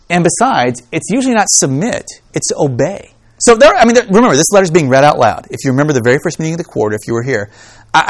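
Animated male Bible study teacher. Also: a little high, no room sound. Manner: conversational, emphatic, rhetorical questions. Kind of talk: informal lecture.

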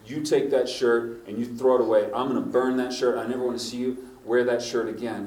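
Middle-aged preacher, animated storyteller, mic at a distance in an echoey church. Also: male voice, mid-range voice, a little fast, hardly any pauses. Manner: storytelling, animated, building to emphatic points. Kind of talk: sermon. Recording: roomy echo, from off the mic.

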